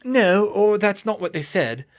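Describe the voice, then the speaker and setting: A high, wavering voice of a distraught middle-aged teacher, put on by a man reading an audiobook, rambling and halting as she sobs. Her pitch swings widely through broken sentences. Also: lively intonation, lo-fi sound. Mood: rattled. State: sobbing.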